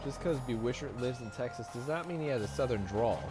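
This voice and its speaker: A man's voice: medium pitch, lively intonation, a little fast. A man chatting casually while playing a video game, sarcastic and joking, with some swearing. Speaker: let's play co-host. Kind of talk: casual chat over gameplay. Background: game music.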